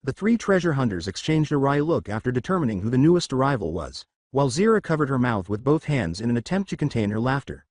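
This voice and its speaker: Man narrating fan fiction, lively pitch. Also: fast, few pauses, no echo, studio quality.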